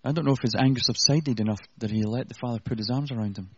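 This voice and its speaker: Man delivering a sermon, earnest and conversational with wry asides, slightly husky; dull, muffled recording. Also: medium pitch, fast talker, darkish tone, dry recording. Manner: earnest, conversational preaching with self-deprecating asides. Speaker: preacher.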